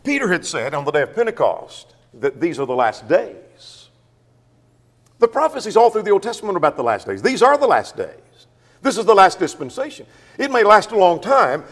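Preacher guy, highish voice, lots of ups and downs, big echo like a church hall. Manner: animated, asks himself questions and answers them. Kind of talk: sermon.

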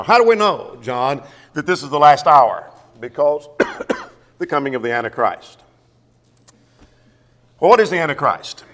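Preacher guy, highish voice, lots of ups and downs, big echo like a church hall. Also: fairly quick. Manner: animated, asks himself questions and answers them. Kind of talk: sermon.

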